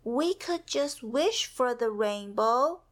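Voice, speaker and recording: A woman voicing a shy, timid little boy mouse in a storybook read-aloud, speaking softly and hesitantly. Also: a little high, expressive, slow pace. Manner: hesitant, soft-spoken.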